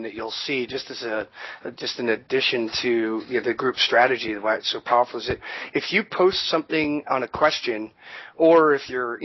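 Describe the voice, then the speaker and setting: A man co-hosting a podcast, talking in a relaxed, rambling way with plenty of fillers and restarts. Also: mid-range voice, no echo, highs cut off. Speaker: co-host. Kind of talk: conversational business podcast.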